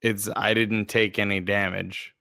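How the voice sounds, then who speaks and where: A man's voice: lowish voice, little pitch movement, a little slow, gravelly, sharp tone, clear, resonant tone, dry recording, studio quality. A man playing in a tabletop game over a voice call, laid-back and swearing casually. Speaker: player.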